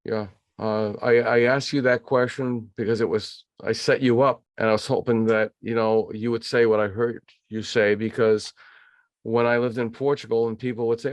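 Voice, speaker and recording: A man's voice: medium pitch, normal speed, dry recording. Chatty older man in a dry room. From New England, USA. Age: 60s. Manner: animated storyteller with many fillers. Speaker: podcast host. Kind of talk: casual interview chat.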